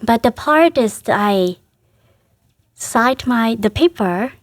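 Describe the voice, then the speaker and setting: A woman from Vietnam, a Catholic sister, speaking in a halting, earnest way and laughing softly between phrases as an interview guest. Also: fairly high pitch, animated, no echo, studio quality. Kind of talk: casual interview.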